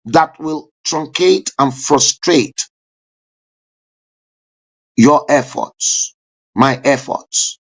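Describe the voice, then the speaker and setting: Male streamer-host, fervent and declamatory, husky, drawn-out delivery. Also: medium pitch. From Nigeria. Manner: fervent, declamatory, with sudden loud rising bursts. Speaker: live-stream talk show host. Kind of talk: impassioned political commentary.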